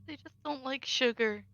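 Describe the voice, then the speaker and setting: A woman's voice: sits high, fairly bright tone, dull audio. A woman chatting as a player in a casual tabletop role-play, giggly and chatty.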